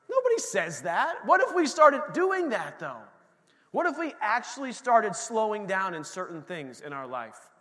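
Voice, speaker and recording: In a church sanctuary full of long hall reverb, a pastor preaches emphatically, repeating phrases as his intensity climbs. His voice sits high and swoops wildly in pitch, with a fairly bright tone and normal speed.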